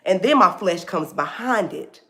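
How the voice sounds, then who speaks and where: A woman's voice: fairly low pitch, animated, unhurried, sharp tone. A woman hosting a faith talk livestream, preaching casually and animatedly, calling her listeners "baby".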